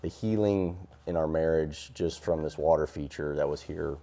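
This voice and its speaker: A man with a very low, dark, mellow voice, chatting as a podcast guest. He tells earnest stories about his building work and trips over fillers and restarts as he goes. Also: moderate pace, gravelly. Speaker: guest, hardscaper and water feature builder. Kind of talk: casual podcast conversation.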